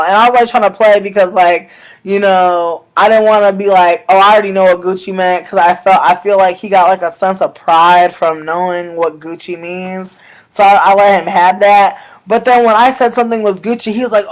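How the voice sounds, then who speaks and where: High-pitched animated man, casual storytelling. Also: fairly quick, poor audio. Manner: animated, profane, slangy, swings between loud bursts and mutters. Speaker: vlogger.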